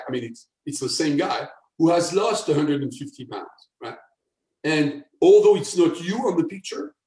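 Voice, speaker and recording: A man, a guest expert, explaining step by step with examples and often checking in with a quick tag question. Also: on the high side, darkish tone. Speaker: guest, sales persuasion expert. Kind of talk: explanatory interview talk. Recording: echoey room.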